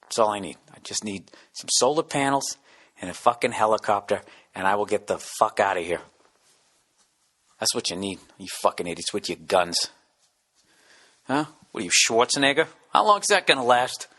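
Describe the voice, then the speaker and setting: A man delivering a profane, rambling comedic rant as a podcast host, dropping now and then into hushed whispers. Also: fairly low pitch, big pitch swings, moderate pace. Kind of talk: casual comedic monologue.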